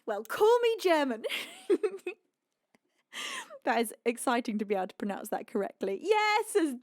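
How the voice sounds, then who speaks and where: A British woman with a high voice talks in an unhurried, giggly way as she hosts her live stream. She reads out viewer messages and thanks people warmly in a dry, close recording, with soft music playing in the background. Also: big pitch swings, no room sound. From United Kingdom. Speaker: singer and livestream host. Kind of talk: casual livestream chat reading out viewer messages.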